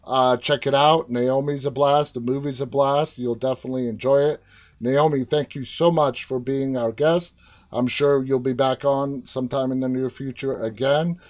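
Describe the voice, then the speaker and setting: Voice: mid-range voice, steady tone, normal speed, darkish tone. Upbeat interview host. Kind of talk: interview hosting.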